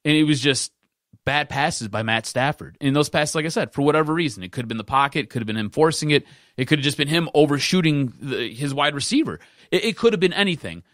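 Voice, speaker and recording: A man's voice: mid-range voice, fairly bright tone, no room sound, studio quality. A man hosting a sports podcast, ranting in casual talk and repeating himself for emphasis.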